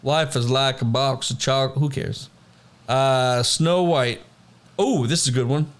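Casual young male co-host, loose and rambling, mid pitch. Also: a little slow. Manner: laid-back, rambling, reads trivia aloud. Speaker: podcast co-host. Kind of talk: casual chat.

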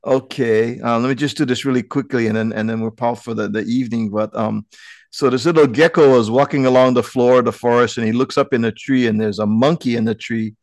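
An easygoing man spins a joke story for friends on a video call. His voice is gravelly and sits in a middle pitch. The sound is dry and close. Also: steady tone, fairly quick, darkish tone, no room sound. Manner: easygoing, laughing, local pidgin-flavored phrasing. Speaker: host of a virtual community gathering. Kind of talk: casual chat and joke storytelling.

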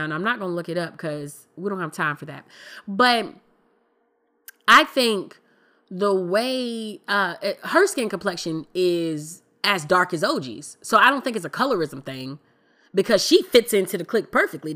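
A woman with a bright, clear voice talks straight into her own podcast. She is candid and emphatic and uses colloquial phrasing. Her delivery is relaxed but insistent. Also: medium pitch. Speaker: podcast host. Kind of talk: casual opinion commentary.

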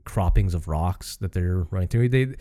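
A man's voice: low-pitched, moderate pace, warm tone. A Canadian man co-hosting a podcast, chatting casually and rambling with frequent restarts and swearing. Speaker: podcast co-host. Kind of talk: casual chat.

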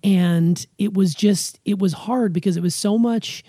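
A woman's voice: mid-range voice, measured pace, warm tone, breathy edge, dry recording, studio quality. A young woman hosting a podcast, chatting casually and teasingly with her younger sister. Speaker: podcast host. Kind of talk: casual chat.

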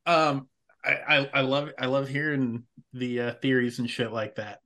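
A man's voice: mid-range voice, little pitch movement, moderate pace, bright, forceful tone. A man hosting a casual anime recap podcast, laughing often and swearing casually. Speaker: podcast host.

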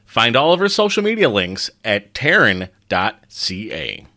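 A man's voice: lowish voice, sing-song, unhurried, sharp tone. A man hosting a casual food podcast, joking around with his co-hosts and reading a sponsor spot. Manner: jokey, reads sponsor spots. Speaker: podcast host. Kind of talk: casual chat.

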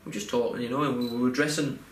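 In rapid-fire speech, a man with a medium-pitched, steady voice chats casually and from the heart. He rambles, with frequent fillers and restarts, in a recording with roomy echo and faint background noise.

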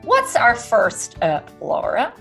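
A woman's voice: a little high, wildly swooping pitch, slow, creaky, fairly bright tone, slightly rough, faint music behind. A woman with a Southern Alabama accent, co-hosting a podcast in casual, rambling chat with frequent restarts. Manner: chatty, rambling, with many restarts. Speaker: podcast co-host, school counselor.

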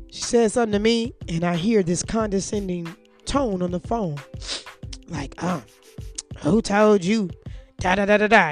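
A young woman in a casual storytime vlog, blunt and heavy on the cursing, talking straight to her viewers at a middle pitch. Faint music sits under her voice. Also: a little mellow. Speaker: vlogger.

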